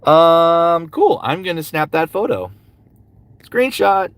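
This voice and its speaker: A male voice actor chats casually with fans on a livestream, answering their questions and slipping into character voices in between. His voice is a little high and animated yet slow, with a fairly bright tone on a dry recording.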